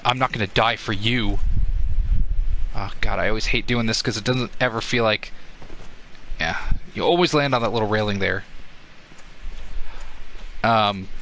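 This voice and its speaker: A man's voice: mid-range voice, sharp tone, slight background noise, poor audio. A man giving casual, rambling gameplay commentary, full of fillers and swearing.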